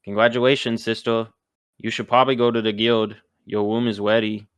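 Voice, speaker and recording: A man voicing an eerie psychic creature who speaks calmly and flatly. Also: on the low side, brisk, smooth, dry recording, close to an everyday voice. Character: eerie silent psychic male Pokemon child.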